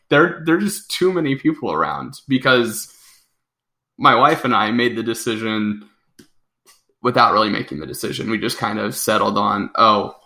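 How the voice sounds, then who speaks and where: A man's voice: medium pitch, bright, forceful tone. A young adult man co-hosting a podcast, chatting casually and rambling with frequent self-corrections. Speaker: podcast co-host. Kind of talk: casual chat.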